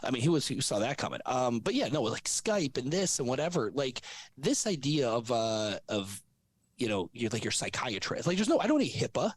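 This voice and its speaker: A man's voice: mid-range voice, moderate pace. A man working as a gym business consultant, talking brashly and casually with plenty of swearing on a podcast. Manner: brash, profane, animated.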